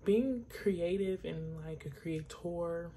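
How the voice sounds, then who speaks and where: A woman's voice: fairly low pitch, slow pace, warm tone, a little hiss or hum. A young woman hosting a makeup tutorial, chatting casually and enthusiastically to viewers, peppering her talk with "like" and the odd swear. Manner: enthusiastic, talks straight to viewers.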